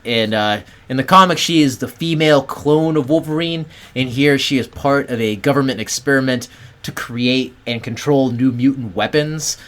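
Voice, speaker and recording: A man's voice: mid-range voice, moderate pace, a bit bright. Man explaining a film at length. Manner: explains at length, swears casually. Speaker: podcast co-host. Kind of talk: casual movie review chat.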